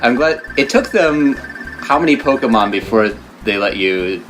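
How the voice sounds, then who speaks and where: A man's voice: mid-range voice, animated, measured pace, background noise. A man co-hosting a video game let's play, making dry, wisecracking asides in casual chat. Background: game music.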